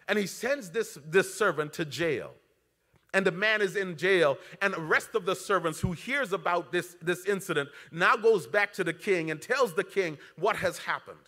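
A man preaching a sermon as pastor, his voice swinging between loud, pointed lines and hushed, intimate ones. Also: moderate pace. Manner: preaching with dramatic swings in pitch and loudness. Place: church sanctuary. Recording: long church reverb.

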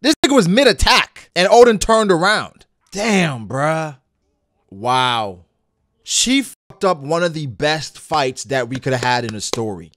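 A man hosting a reaction channel, giving excitable, profane live commentary that breaks into shouts. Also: a little high, measured pace, no room sound, clean studio sound. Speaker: anime reaction channel host.

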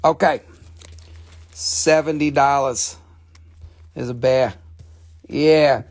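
A man's voice: mid-range voice, fairly even intonation, extremely slow, soft background music. A man hosting a casual live sale of stones, joking, rambling and swearing as he talks. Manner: joking, profane, rambling salesman. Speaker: live stream mineral seller. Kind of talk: casual live sales chat.

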